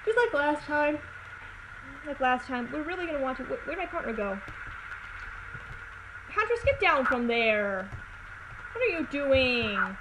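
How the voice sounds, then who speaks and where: A woman giving casual, chatty commentary over a video game, full of playful joking asides. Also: sits high. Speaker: let's play commentator. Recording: noisy home recording with hiss.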